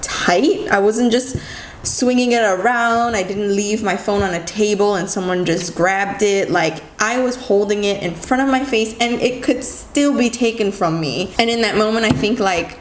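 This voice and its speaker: A young-sounding woman tells a story to camera in a casual vlog. She talks fast and animatedly, full of "like" fillers. The room is echoey, with a faint hum of ambient noise behind her. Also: medium pitch. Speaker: vlogger.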